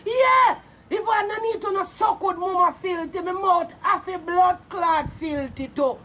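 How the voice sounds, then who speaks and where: A woman with a Jamaican accent ranting angrily on a vlog, loud and profane, hurling insults and often shouting. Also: very high voice, unhurried. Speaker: vlogger. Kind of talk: angry social media rant. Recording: voice a little far from mic, faint background noise.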